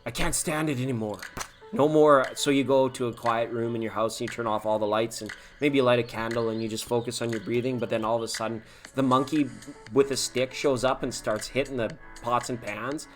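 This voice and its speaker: A man's voice: mid-range voice, level tone, a little fast, soft background music. Chatty man hosting a live tarot stream. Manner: chatty, laughing, talks to viewers by name. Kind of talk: casual live-stream chat.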